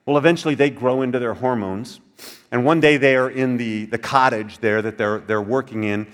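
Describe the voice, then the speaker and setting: An older man preaching a sermon in a conversational way. He asks the listeners questions and drops into soft, quiet passages. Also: medium pitch, moderate pace. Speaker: pastor.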